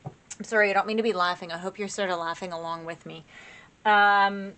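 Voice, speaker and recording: A woman giving a casual tarot reading to camera in a chatty, rambling way, laughing at herself and filling pauses with "um" and "right?". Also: medium pitch, steady tone, sharp tone. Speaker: tarot reader.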